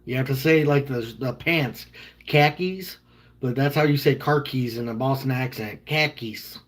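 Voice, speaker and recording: A man's voice: medium pitch, fairly even intonation, moderate pace. 30-something guy on a stream, rambly and jokey, just reading chat and answering. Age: 30s. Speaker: livestreamer. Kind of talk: casual chat with viewers.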